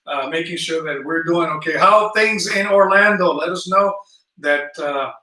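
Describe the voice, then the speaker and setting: A man's voice: a little high, moderate pace, pushed and bright, reverberant, recorded from a distance, a little hiss or hum, rough recording. A man with a South Jersey accent hosting a casual travel livestream, chatty and friendly, greeting viewers and reading their comments. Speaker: travel channel host. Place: indoor room at home.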